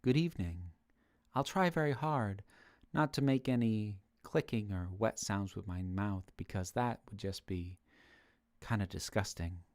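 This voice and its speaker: A man putting on a low, soft, close-mic voice as a mock ASMR host in whispered role-play. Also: a little slow, no echo. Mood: mock soothing.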